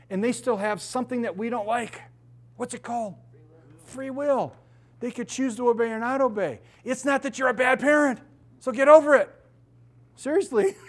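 A middle-aged man preaching as a pastor, telling stories animatedly and acting out the voices of the people in them, laughing often. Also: sits high. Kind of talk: sermon.

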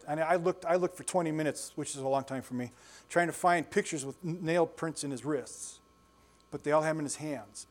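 A man in his sixties preaching a conversational sermon, telling folksy stories, chuckling often and putting questions to his listeners. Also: on the high side. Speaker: pastor.

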